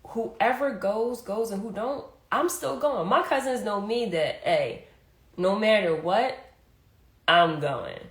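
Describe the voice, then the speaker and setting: A woman's voice: mid-range voice, expressive, slow pace. A young adult woman hosting a casual motivational talk, chatty and emphatic, full of "hey" and "like". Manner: conversational, repeats "hey" and "like", emphatic. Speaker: podcast host. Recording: roomy echo.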